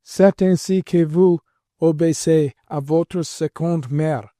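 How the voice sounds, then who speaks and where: A man voicing a severe, cold male tutor who speaks quietly and officially. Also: a little high, fairly even intonation, measured pace, no echo, studio quality, voice pushed up, close to an everyday voice.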